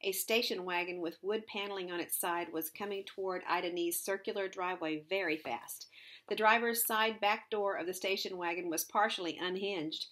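A woman's voice: fairly low pitch, moderate pace, a bit bright. A woman reading a novel aloud, adding conversational asides with hesitant fillers. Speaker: reader.

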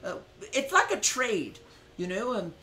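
Brief: man, live-stream host, theatrical and self-mocking, high voice that swings widely in pitch. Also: sing-song, a little slow, sharp tone. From United States. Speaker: streamer hosting his first live stream. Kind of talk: casual live-stream chat.

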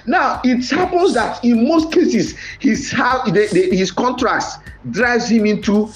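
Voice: mid-range voice, slow, faint music behind. A commentator with a Nigerian accent, giving impassioned voice-note commentary, dramatic and lamenting, repeating phrases and exclaiming. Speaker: online commentator.

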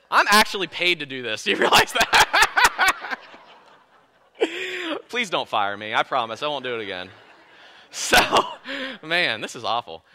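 Pastor guy preaching, super lively up and down delivery, jokey and chatty. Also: high-pitched. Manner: lively, conversational, self-deprecating jokes. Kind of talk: sermon.

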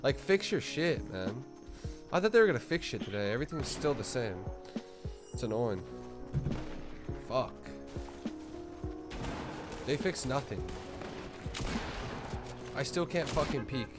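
A man's voice: mid-range voice, sing-song, a little slow, pauses often, over loud music. A man streaming a game, complaining in frustration and swearing often. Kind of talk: live gameplay streaming.

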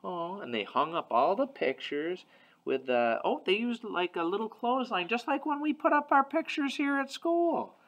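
A male preschool teacher doing a picture walk of a storybook for young children, gentle and wondering, with lots of soft "oh"s and guesses. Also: sits high, very animated, normal speed, lo-fi sound.

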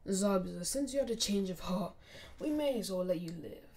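A woman voicing a young male ninja hero with a low-key, matter-of-fact delivery in a storybook reading. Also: animated, moderate pace, darkish tone, natural voice. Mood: cold.

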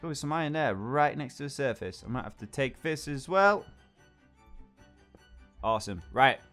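A young man chatting excitably as he plays a game, talking to his pet along the way. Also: medium pitch, moderate pace, soft background music. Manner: chatty and excitable, talks to his pet dog, exclaims at surprises. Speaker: gaming channel host. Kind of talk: let's play commentary.

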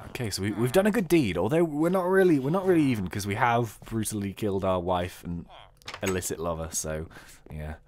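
A man hosting a game video, chatting excitedly and thinking aloud as he plays. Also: mid-range voice, a little hiss or hum. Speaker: gaming video host. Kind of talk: let's play commentary.

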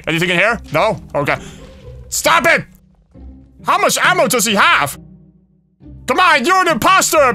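A man giving frantic, panicky gameplay commentary, yelping and shouting between rambling fillers, with faint music behind him. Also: very high voice. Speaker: gaming YouTuber.

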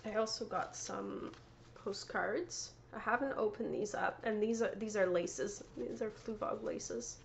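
Knitting podcast lady at home, mid pitch, chatty show and tell, trips over words, laughs a lot. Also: a little slow, creaky, slight background noise. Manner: chatty, self-correcting, laughs easily. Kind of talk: casual show-and-tell chat.

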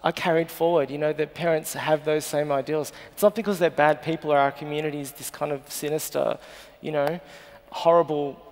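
Gravelly, emotional Australian man. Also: on the high side, steady tone, brisk, hardly any pauses. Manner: emotional, earnest, passionate. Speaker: journalist guest. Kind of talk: live stage interview. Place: festival stage. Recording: long hall reverb.

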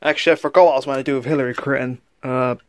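A man's voice: mid-range voice, fairly even intonation, racing, slight background noise. A man narrating a crude, improvised comedy story in a rambling, offhand way.

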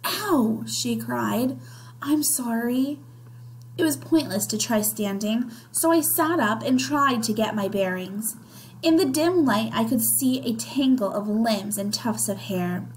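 Slow, expressive woman reading a story aloud. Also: a little high, a little hiss or hum, low-quality recording. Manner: slow, expressive first-person narration. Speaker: reader. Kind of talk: reading a children's novel aloud.

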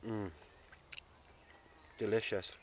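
A man's voice: fairly low pitch, level tone, very slow, background noise. A man vlogging outdoors in the woods, chatty and heartfelt, often calling the viewer mate. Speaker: bushcraft vlogger. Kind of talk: casual outdoor vlog.

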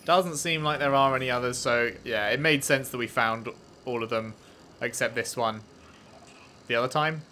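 A man's voice: mid-range voice, normal speed, sharp tone, slight background noise. A man giving casual let's-play commentary, chatty and playful, reading menus aloud and bantering with the game. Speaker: gaming commentator.

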